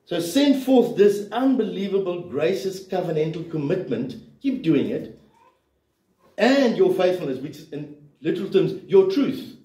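A pastor preaches an emphatic sermon full of rhetorical questions in a church hall. His voice is on the high side, sing-song and dark in tone at a moderate pace. It's heard from a distance in an echoey room.

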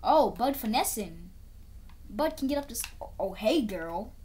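Woman gamer, casual commentary, chatty, repeats phrases, animated, rather high voice. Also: a little slow. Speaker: gameplay video creator.

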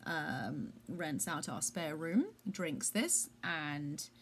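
A woman's voice: deep voice, lively intonation, very slow, a little hiss or hum. A woman chatting casually in a home vlog, rambling and self-deprecating, with a squeamish streak. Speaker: vlogger. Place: home room.

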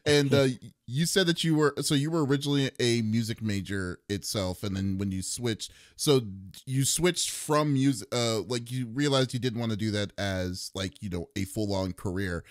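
A man hosts a relaxed interview, firing off questions with restarts and stammers. He reacts with eager surprise to his guest's stories. The recording is dry and close. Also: mid-range voice, moderate pace, hardly any pauses, dry recording. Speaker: interviewer host. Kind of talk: casual interview chat.

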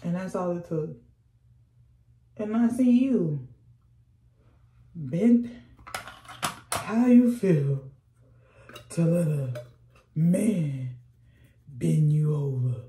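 A woman's voice: lowish voice, extremely slow, long pauses, dark tone, roomy sound, slight background noise. A young woman, telling a sassy, slangy storytime while doing her makeup at home. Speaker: vlogger. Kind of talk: casual storytime chat.

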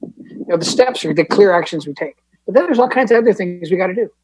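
A man's voice: high voice, expressive, fast, husky, dry recording, low-quality recording. A man from Canada, telling a candid, self-deprecating recovery story at a support group meeting. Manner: casual, candid, self-deprecating, with fillers and restarts. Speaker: Al-Anon speaker.

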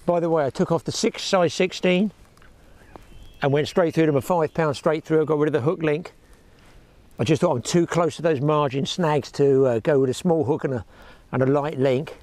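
Chatty angler talking to camera. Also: male voice, on the high side, moderate pace, a little mellow, no echo. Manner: chatty, talks to viewers as "people" and "boys". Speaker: fishing vlogger. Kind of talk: casual commentary to camera. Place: outdoors at a lake bank, windy. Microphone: clip-on mic with lead.

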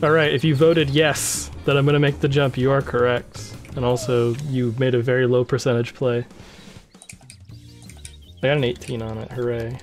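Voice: mid-range voice, little pitch movement, normal speed, faint music behind. A speedrun streamer giving playful, joking commentary while racing a friend.

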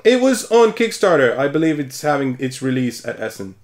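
A man's voice: mid-range voice, big pitch swings, a little fast. A man co-hosting a board game podcast, explaining games in casual chat. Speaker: podcast co-host.

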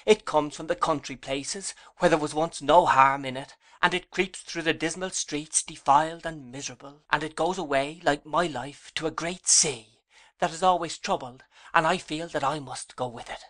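Man doing a despairing young woman, anguished, passionate, raised pitch, storybook reading. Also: normal speed, a bit bright, close to an everyday voice.

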